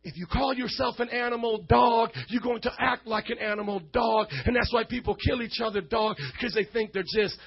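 A man preaching a sermon to a youth crowd from a stage, loudly leading call-and-response and often shouting. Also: extremely high pitch, steady tone, a little fast, creaky, hardly any pauses, slightly rough, lo-fi sound.

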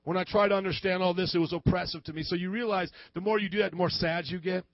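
High-voiced man preaching a sermon. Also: quick pace, no room sound, dull audio. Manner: animated, acts out quoted voices; jokey and self-deprecating. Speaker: pastor.

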